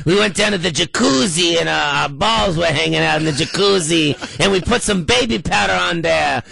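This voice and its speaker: A man doing a loud impression of a famous old actor, rambling and shouting his way through a story. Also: fairly high pitch, moderate pace, creaky, voice pushed up, exaggerated voice. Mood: rowdy.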